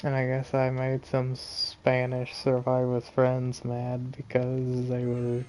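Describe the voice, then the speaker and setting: A man chats through a game stream in an even, monotone voice, grumbling about bad luck and tricky opponents. His tone is mellow and a little tired, with a faint hum behind him. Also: mid-range voice, takes it slowly, hardly any pauses. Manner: chatty, complaining about the game. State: tired, yawning. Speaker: gaming streamer. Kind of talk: casual gameplay commentary.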